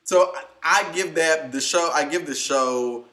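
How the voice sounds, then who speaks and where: Man, podcast co-host, chatty, expressive, bright voice. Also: a little high, measured pace. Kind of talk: casual chat.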